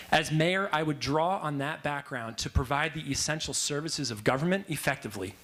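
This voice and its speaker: Independent mayor candidate, kinda high voice, polished businesslike pitch. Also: male voice, fairly bright tone. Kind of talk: debate opening statement. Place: public forum hall.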